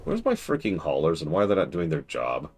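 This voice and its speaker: A low, gravelly man streaming a game, his pitch swinging widely as he talks. He teases the characters on screen with sarcastic, mock-dramatic asides. Faint music plays behind him. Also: wildly swooping pitch, fairly quick, noisy background.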